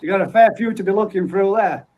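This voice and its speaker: Guy hosting a live chat, fairly high voice, reading comments out and saying hi to everyone, relaxed and friendly. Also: fast, highs cut off. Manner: friendly, easygoing, greets people by name. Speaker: livestream host.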